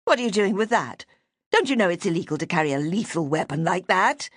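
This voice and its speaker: A woman's voice: fairly low pitch, big pitch swings, a little fast, no room sound, studio quality. A woman reading an audiobook voices a middle-aged mother who demands answers indignantly. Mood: defiant.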